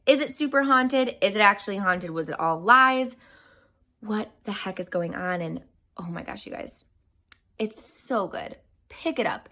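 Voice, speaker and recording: A woman's voice: medium pitch, sharp tone. A young woman giving an enthusiastic, gushing book review in a casual chat, a little out of breath.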